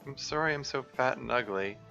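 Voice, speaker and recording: A man voicing an anxious, self-loathing teenage schoolgirl in a high, strained, tearful voice. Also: fairly quick, vocal fry, bright, forceful tone, lo-fi sound, faint music behind. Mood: ashamed.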